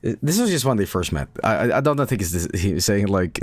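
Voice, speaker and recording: A man's voice: fairly low pitch, sing-song, fast talker, dry recording. A male streamer chatting casually late at night, swearing a lot, stumbling over his words and laughing often.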